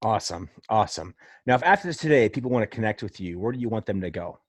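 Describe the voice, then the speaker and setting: A man's voice: lowish voice, expressive, fast, no room sound, clean studio sound. A middle-aged man from Illinois hosting a casual podcast interview, asking questions in an upbeat, jokey way. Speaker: podcast host.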